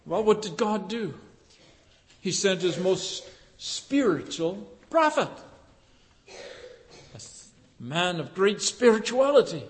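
A man preaches in a strikingly high voice, and his words ring out with a long reverb through a large hall. He is fervent, building to emphatic passages between hesitant, filler-laden stretches. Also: sing-song, takes it slowly, pauses often, a little hiss or hum. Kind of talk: sermon.

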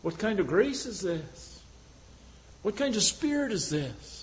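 A man voicing a Roman soldier, speaking in a quiet, marveling way. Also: high voice, big pitch swings, unhurried. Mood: amazed. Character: gruff Roman soldier, man, grown, astonished.

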